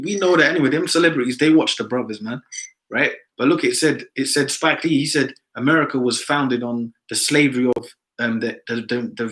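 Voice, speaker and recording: A man's voice: medium pitch, a bit bright, poor audio. A man in casual discussion, talking emphatically and ending many phrases with "man".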